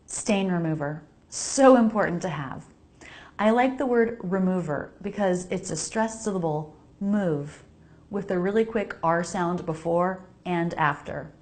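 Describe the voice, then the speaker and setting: A woman's voice: on the low side, measured pace, a little mellow. An American woman giving an English pronunciation lesson, carefully modeling each sound and repeating words for viewers to say along. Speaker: pronunciation teacher. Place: home laundry area.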